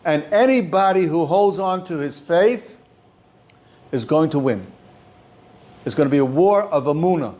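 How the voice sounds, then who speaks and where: An older man, teaching an informal class as a rabbi, halting and repeating words as he speaks. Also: a little high. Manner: halting, repeats words often, animated when stressing points. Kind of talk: informal Torah class talk.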